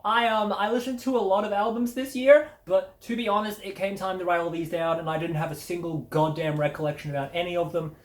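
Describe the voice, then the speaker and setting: Sweary woman in a roomy echo. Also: on the low side. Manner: sweary, sardonic and blunt. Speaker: media review host. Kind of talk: casual spoken review.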